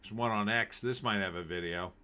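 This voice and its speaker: Wry, bright-voiced male streamer. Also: on the low side, a little fast, smooth. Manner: wry, jokey asides, laughs while reading. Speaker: live stream host. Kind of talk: live stream commentary, reading news aloud.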